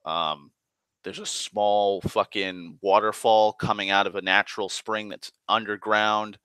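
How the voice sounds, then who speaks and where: A man's voice: lowish voice, level tone, unhurried, pushed and bright, smooth, dry recording. A man casually recounting a tabletop game session, rambling and profane, full of fillers and restarts. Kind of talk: casual spoken storytelling.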